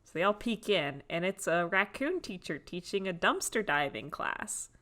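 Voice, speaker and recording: A woman's voice: lowish voice, very animated, normal speed, fairly bright tone. A woman co-hosting a casual podcast, summing up cartoon plots and quoting characters. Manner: plain plot summary, quotes characters. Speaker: podcast co-host. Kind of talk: casual chat.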